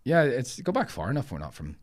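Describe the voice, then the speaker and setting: A man talking as a podcast guest in relaxed conversation, telling stories in a reflective way. He grew up moving between Germany and England. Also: medium pitch, brisk. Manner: reflective, storytelling. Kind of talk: casual conversation.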